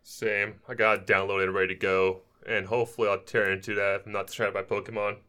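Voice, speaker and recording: A man co-hosting a gaming podcast in casual chat, excitable and playful, acting out the voices of people he quotes. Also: fairly low pitch, fast. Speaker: podcast co-host.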